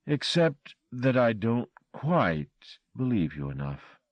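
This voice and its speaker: A man reading an audiobook voices a politely menacing European male stranger who speaks slowly and courteously. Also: mid-range voice, very animated, dry recording, dull audio, voice pushed up. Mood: calm pressing. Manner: slow, courteous, measured.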